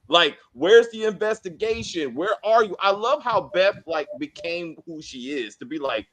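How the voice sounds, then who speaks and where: Casting: male co-host in a casual review chat, medium-high voice, lively delivery, acts out quotes. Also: moderate pace, hardly any pauses.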